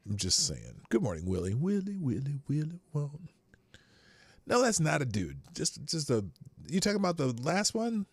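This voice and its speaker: A man hosting a live show, rambling through casual commentary with frequent swearing and sudden jumps in pitch. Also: huge pitch swings, fairly quick, breathy edge, no echo.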